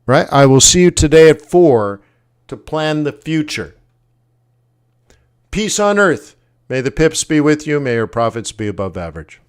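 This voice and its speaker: Chatty, clear-voiced Canadian man. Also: a little high, very animated, unhurried, long pauses. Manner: rambling, jokey, self-correcting. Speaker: forex trading educator and stream host. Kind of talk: casual livestream talk.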